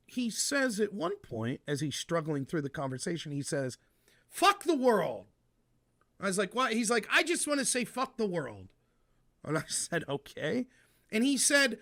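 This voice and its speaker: An American man hosting a casual talk show, retelling a caller's argument and acting out both sides. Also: on the high side. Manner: animated storyteller, acts out both sides of a dialogue. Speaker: host. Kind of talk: casual chat, retelling a call.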